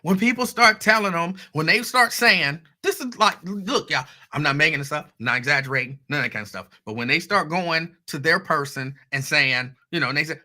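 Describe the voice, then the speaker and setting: Male host, fairly high, very bright voice, casual storytelling with asides to the audience. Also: a little fast, few pauses. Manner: conversational storytelling, animated asides to listeners. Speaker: radio host. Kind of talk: casual monologue.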